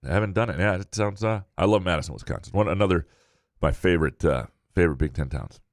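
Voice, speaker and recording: A man's voice: low voice, quick pace, dry recording, clean studio sound. A man in his forties, a sportswriter co-hosting a casual podcast, giving thoughtful sports takes with plenty of fillers and easy laughter.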